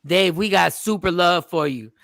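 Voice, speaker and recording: Male radio host, animated, gravelly, bright and dry. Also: high-pitched, normal speed, soft background music. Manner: animated, emphatic, repeats himself. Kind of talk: casual radio chat.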